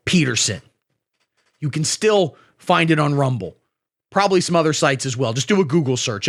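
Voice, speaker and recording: A man hosting a scripted satirical monologue, sarcastic and deadpan, breaking into profane rants. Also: high-pitched, gravelly. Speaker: satirical commentary host.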